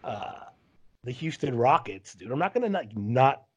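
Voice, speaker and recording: A man's voice: medium pitch, big pitch swings, moderate pace, a little mellow, breathy edge, dull audio. A man hosting a podcast in casual chat, rambling and saying "dude" often. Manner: rambling, says "dude" a lot. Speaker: podcast host.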